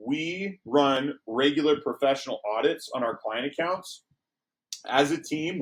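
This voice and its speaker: A man's voice: medium pitch, low-quality recording. A man giving a staff training talk as a corporate trainer, coaching and acting out sample client exchanges, checking in with "okay?" and "right?".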